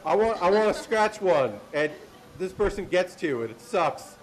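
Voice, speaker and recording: A man hosting a live comedy panel on a convention stage, animated and laughing at his own jokes. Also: high-pitched, normal speed, a loud crowd, heavy background noise. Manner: animated, laughing, self-deprecating. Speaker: host. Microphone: handheld or stand mic.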